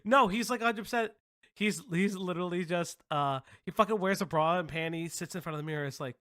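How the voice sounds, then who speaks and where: A man's voice: high voice, fairly quick, pushed and bright, no room sound, clean studio sound. A man hosting a commentary stream, talking sarcastically and joking about the clips he plays. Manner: sarcastic, jokes and laughs at the clips. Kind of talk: mocking commentary.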